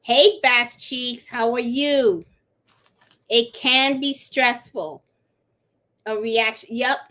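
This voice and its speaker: Her voice is fairly high, bright and pushed, with fairly level intonation and a slow pace. A middle-aged woman running a live crafting stream, she chats loosely and rambles, cooing to her dog from time to time.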